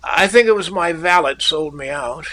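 A man's voice: on the high side, normal speed, pushed and bright, pitched above the performer's own voice. A man reading aloud and voicing a tired, nervous young male gambler who talks in a querulous, muttering way. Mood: weary.

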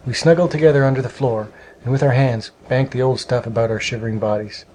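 A man narrating a storybook with a steady, measured reading. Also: medium pitch, a little hiss or hum, rough recording.

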